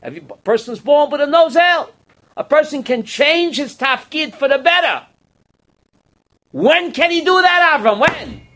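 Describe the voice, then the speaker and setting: A man's voice: extremely high pitch, animated, normal speed, bright, forceful tone. A man giving a Torah class as a rabbi, quizzing his students and acting out parables.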